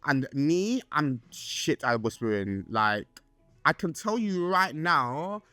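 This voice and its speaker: A young man hosting a casual podcast, rambling and excitable with lots of fillers and restarts. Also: slow, no room sound, soft background music. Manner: excitable, with swoops up in pitch. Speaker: podcast host. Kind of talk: casual solo podcast chat.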